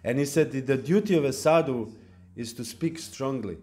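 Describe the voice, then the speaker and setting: A man giving a devotional lecture at a temple, speaking in a halting way with fillers and restarts. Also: mid-range voice, mellow. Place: temple hall.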